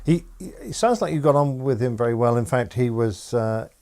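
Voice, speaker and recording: A man's voice: mid-range voice, brisk, darkish tone. A man interviewing a guest, prompting him kindly with questions and a few hesitant fillers.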